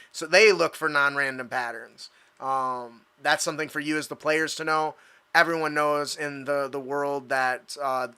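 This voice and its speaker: Guy running a tabletop game, really bright clear voice, lots of ums, kinda higher pitched. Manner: casual, halting with many ums. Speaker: game master.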